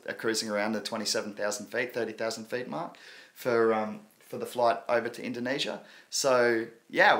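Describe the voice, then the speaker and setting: A man's voice: mid-range voice, fairly bright tone. A man in his thirties with an Australian accent, hosting a casual live stream and chatting loosely with viewers. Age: 30s. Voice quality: laid-back, slangy, frequent laughs. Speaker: crypto livestream host.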